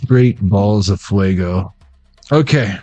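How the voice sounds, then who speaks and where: A man's voice: fairly low pitch, slow, mellow, no echo, muffled recording, soft background music. A man giving a casual pick-a-deck tarot reading, joking around in a playful, slangy way. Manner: playful and jokey, slangy banter. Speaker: tarot reader.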